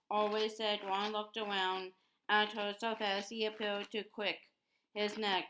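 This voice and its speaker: A woman's voice: medium pitch, level tone, a bit bright. A woman reading a novel aloud, stumbling and restarting often and spelling out hard names letter by letter. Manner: halting, with frequent restarts and repeated words. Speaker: audiobook reader. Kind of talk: amateur read-aloud of a novel.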